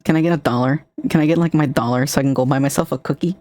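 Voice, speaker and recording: A woman's voice: a bass voice, very fast, mellow, dry recording. Woman guest on stream, rambly and jokey, swears a lot. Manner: rambling, joking, swearing freely. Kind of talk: casual stream chat.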